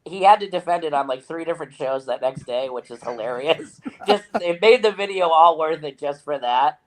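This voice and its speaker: A man co-hosting a casual podcast, telling a story in an animated way, mimicking other people and laughing often. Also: fairly high pitch, normal speed, poor audio. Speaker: podcast co-host.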